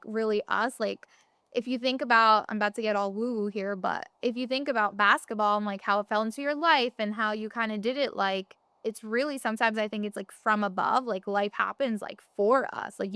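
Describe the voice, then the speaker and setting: Chatting casually on a podcast she co-hosts, this young woman rambles with plenty of filler words. Her voice is medium in pitch and slightly bright, with a clean tone and no echo.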